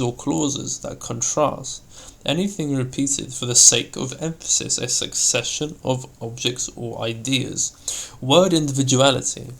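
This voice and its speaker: A man reads aloud from an old textbook on elocution, taking his time over every phrase. His voice is gravelly and his pace unhurried. He gives the sample words their own sound as he lists them. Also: mid-range voice, a bit bright. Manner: slow deliberate reading, acting out example words. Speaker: reader of an old elocution text. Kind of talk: scripted reading aloud.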